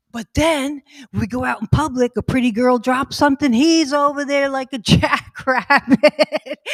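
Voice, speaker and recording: A woman's voice: medium pitch, no room sound. A middle-aged woman telling casual comic anecdotes about her family at a fundraising stream, chatty and laughing through her own stories.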